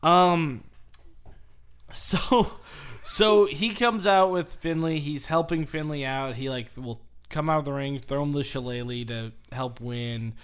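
A man's voice: fairly high pitch, steady tone, measured pace, a bit bright, clear, resonant tone. Chatty man rambling through a story. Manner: rambling storyteller, restarts, laughs often. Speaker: podcast co-host. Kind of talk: casual wrestling story chat.

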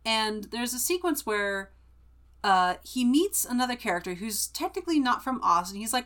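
A woman co-hosting a podcast, summarizing a book in animated, chatty casual talk. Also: a little high, moderate pace. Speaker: podcast co-host.

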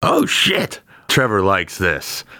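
A man's voice: on the low side, slow, vocal fry, no echo, studio quality. A man playing a tabletop role-playing game, talking in character with swearing, brash bravado. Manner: lively, swears, pushy ex-FBI bravado in character. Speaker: player.

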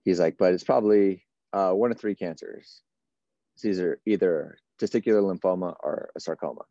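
Deep-voiced man in his thirties telling a story. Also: normal speed, warm tone, no echo, lo-fi sound. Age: 30s. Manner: casual, run-on retelling with many quoted exchanges. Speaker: firefighter guest. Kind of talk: storytelling in an interview.

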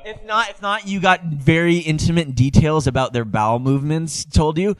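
A man joking around in casual, profane banter, throwing in quick riffs. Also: a little high, no echo.

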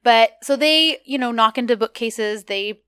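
A woman co-hosting a casual recap podcast, chatty and animated as she retells scenes with quoted lines. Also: fairly high pitch, unhurried, clear, resonant tone, no echo. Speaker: podcast co-host.

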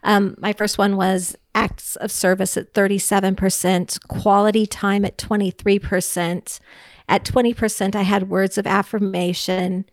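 A woman's voice: medium pitch, level tone, normal speed, dry recording. A woman co-hosting a podcast, explaining in a thoughtful, careful casual conversation. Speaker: podcast co-host.

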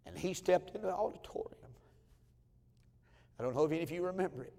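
Pastor with a ringing hall echo. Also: male voice, sits high, lively intonation, fast, vocal fry, warm tone. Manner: heartfelt, emotional telling with many repeated phrases. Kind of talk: storytelling sermon. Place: church sanctuary.

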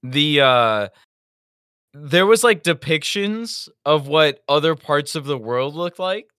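A man's voice: on the high side, expressive, slow pace, fairly bright tone, clear, resonant tone, no echo. A man co-hosting a casual review podcast, blunt and exasperated, swearing casually into a close mic. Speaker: podcast co-host.

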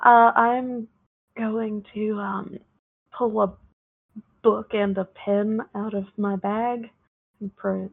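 A woman's voice: medium pitch, flat delivery, slow, gravelly, long pauses. A woman playing a tabletop game who speaks tentatively, with many fillers and a giggly manner. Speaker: player. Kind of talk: tabletop role-play. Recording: tinny phone-like call audio.

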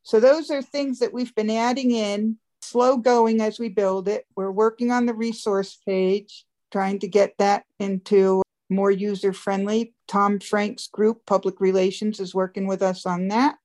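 A woman's voice: mid-range voice, little pitch movement, unhurried, few pauses, darkish tone. A woman, a webmaster, chatting on a conference call as she walks through a website step by step, laughing now and then. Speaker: webmaster giving a site tour.

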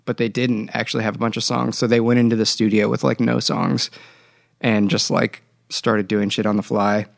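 A man's voice: lowish voice, flat delivery, moderate pace, creaky, no room sound, clean studio sound. A man hosting a casual band podcast, telling music history in a rambling way and laughing often. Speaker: band member podcast host. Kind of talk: casual chat.

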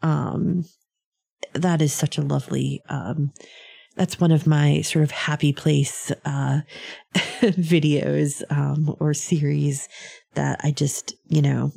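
Low, gravelly-voiced woman chatting. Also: slow pace, warm tone. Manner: chatty, meandering, with frequent ums and little laughs. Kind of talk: casual science chat.

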